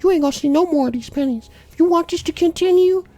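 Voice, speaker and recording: A man voicing a bossy, foul-mouthed little boy in a high squeaky falsetto, crude and threatening. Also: fast talker, mellow, faint music behind. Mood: bossy menacing.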